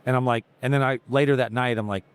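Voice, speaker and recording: A man's voice: medium pitch, steady tone, quick pace, clear, resonant tone. A man hosting a casual podcast, chiming in with short, encouraging remarks. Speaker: podcast host. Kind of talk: casual chat.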